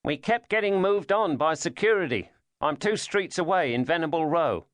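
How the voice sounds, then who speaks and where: A man putting on a nervous Cockney chauffeur with a faint whine, pitched well above the narrator's own voice and a touch louder. He sounds anxious and apologetic, read dry and close in an audiobook. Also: animated, moderate pace, dry recording, natural voice. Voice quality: slightly whiny. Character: Cockney driver with a slight whine.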